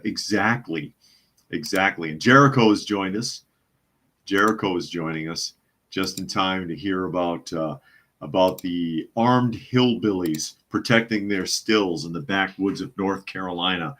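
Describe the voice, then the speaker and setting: A man with a low, deep voice hosts a live news chat podcast. He reads out viewer comments and chuckles through them, and he answers in a wry, skeptical tone. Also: measured pace, a bit bright. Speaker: podcast host.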